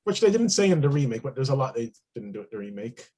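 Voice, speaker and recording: A man's voice: mid-range voice, very animated, fast, warm tone, slightly rough. A man co-hosting a podcast, chatting casually and trailing off mid-thought. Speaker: podcast co-host. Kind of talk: casual chat.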